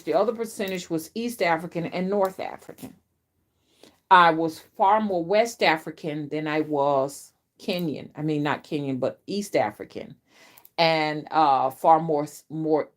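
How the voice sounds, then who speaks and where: Chatty middle-aged woman rambling on a live stream. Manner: chatty, repetitive, with big swings in pitch and loudness. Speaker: spiritual reader and channel host.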